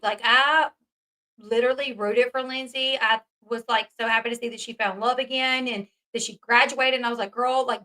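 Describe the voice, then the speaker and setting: Woman commentary host, bright, emphatic, casual swearing. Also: high-pitched, poor audio. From American South.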